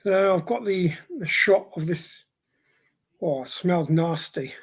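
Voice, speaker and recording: Hosting a livestream hot sauce test, a man with a head cold and runny nose exclaims and reacts out loud as the heat kicks in. He reviews hot sauces, and his slightly high, husky voice moves at a slow pace.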